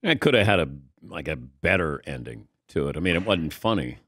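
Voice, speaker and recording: A man's voice: rumbling low, lively intonation, brisk, fairly bright tone, no room sound. A man hosting a talk show, teasing his guest in a dry way and wrapping up the interview. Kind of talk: casual interview chat.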